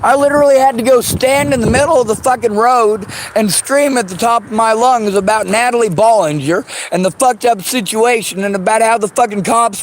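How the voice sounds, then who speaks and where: A man with a high voice rants in fury, swearing constantly and turning bitterly sarcastic. He speaks outdoors, with faint traffic and street sounds behind him. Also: low-quality recording. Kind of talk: angry personal rant.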